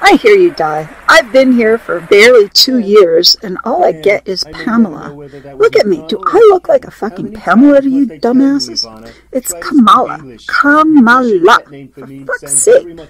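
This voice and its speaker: A woman's voice: on the high side, big pitch swings, normal speed, rough recording. A woman doing an impression of a female senator, exasperated and swearing. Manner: exasperated, profane. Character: impression of a young female senator, fed up and sassy.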